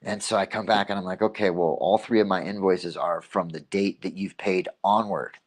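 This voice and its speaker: Male livestream host, slightly low voice. Casual rambling storyteller who repeats himself and gives himself pep talks. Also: fairly even intonation, normal speed. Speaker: host of a local livestream show.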